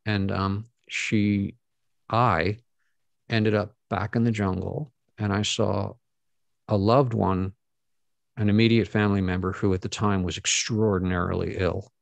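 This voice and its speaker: A middle-aged man, a guest speaker, earnestly telling a personal story to an audience, halting often with fillers and restarts. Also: fairly low pitch, flat delivery, creaky, no room sound.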